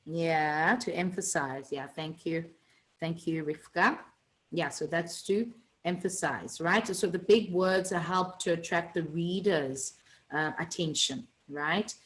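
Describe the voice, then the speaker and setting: A woman's voice: lowish voice, slow, rough recording. A woman teaching an online revision lesson, chatty and teasing, with many fillers and restarts.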